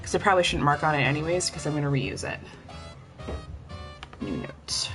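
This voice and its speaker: A woman's voice: low voice, very animated, a little fast, pauses often, a bit bright, soft background music. Chatty young woman with a stuffy nose. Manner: chatty, rambling, addresses chat directly. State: stuffy nose, breathing heavily. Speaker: livestreamer. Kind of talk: casual livestream chat.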